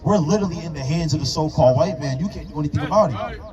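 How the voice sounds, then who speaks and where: A man's voice: a little high, rapid-fire, dull audio, over music. A man preaching on a street corner, firing rhetorical questions with emphatic force. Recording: crowd noise around.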